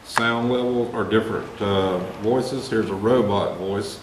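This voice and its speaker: A man's voice: lowish voice, steady tone, unhurried. Man demoing ghost gear, echoey room. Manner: explanatory, easygoing. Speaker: paranormal investigator demonstrating equipment. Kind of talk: casual equipment demo. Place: indoor room with equipment table. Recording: roomy echo with mains hum.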